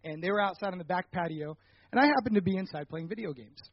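A young man giving a personal faith testimony, telling a story animatedly and getting loud at the dramatic parts. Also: sits high, fast, husky, no echo, highs cut off. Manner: animated storytelling, rising loud when retelling anger.

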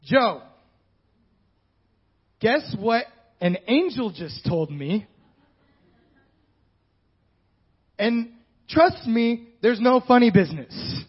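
A man's voice: very high voice, very animated, slow, pauses often, slightly rough, heavily acted. A male preacher voicing a young woman, quoting her in a gushing, breathless way. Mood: pleading. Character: young woman, excited then bewildered. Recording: dull lo-fi sound.

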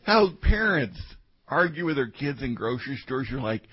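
A man preaches a sermon in a husky, slightly breathy voice at an ordinary pitch. He shifts between loud, dramatic bursts and quiet, confiding asides. The recording sounds dull and muffled. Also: sing-song, moderate pace.

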